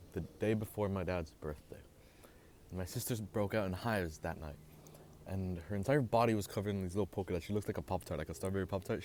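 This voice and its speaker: A young man hosting a casual storytime vlog, animated and swearing as he gets heated. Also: low-pitched, slight background noise. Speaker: vlogger host.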